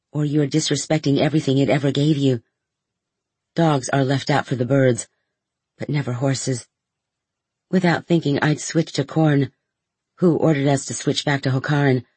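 A man reading a first-person novel aloud in a measured storytelling manner as an audiobook narrator. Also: on the high side, darkish tone, husky, dry recording.

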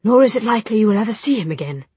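A woman reading a calm, composed young man. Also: medium pitch, very fast, slightly rough, no room sound, voice pushed up. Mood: steady firm. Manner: calm, steady persuasion. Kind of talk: audiobook character voice.

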